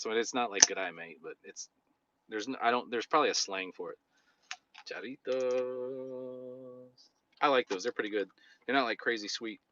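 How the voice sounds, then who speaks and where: A man's voice: lowish voice, bright, forceful tone, lo-fi sound, slight background noise. A man live-streaming from inside a car, chatting loosely and jokingly while reading out viewer comments. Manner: loose and joking, drifts between topics.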